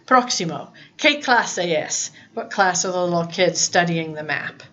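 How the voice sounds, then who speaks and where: In a lowish, fairly bright voice, this Spanish teacher sounds animated yet unhurried as she patiently explains a recorded lesson to her students. She mixes English and Spanish prompts, and the sound is lo-fi.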